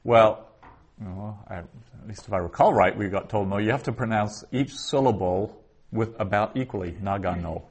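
A man teaching a Hebrew lesson, explaining slowly and thinking aloud with frequent restarts. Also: fairly low pitch, slightly rough. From the West. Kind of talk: lecture on Biblical Hebrew.

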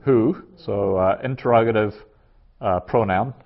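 A man teaching a class, working through a translation aloud in a halting way with many fillers. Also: on the low side. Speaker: Greek teacher. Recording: dull lo-fi classroom recording.

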